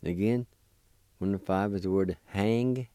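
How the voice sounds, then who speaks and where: Low dark man's voice, really slow, spelling stuff out and repeating syllables like a teacher. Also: dry recording. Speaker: language teacher. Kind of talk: spelling and pronunciation lesson.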